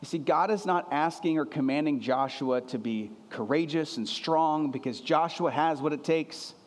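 A man's voice: fairly high pitch, moderate pace, big-room sound. A man preaching a sermon as a pastor, earnest and emphatic, often repeating his phrases for weight.

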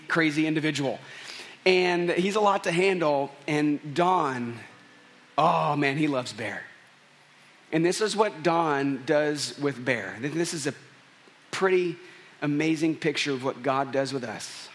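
A man's voice: on the high side, a bit bright. A man preaching a sermon at a church service, earnest and building to emphatic peaks. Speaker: pastor.

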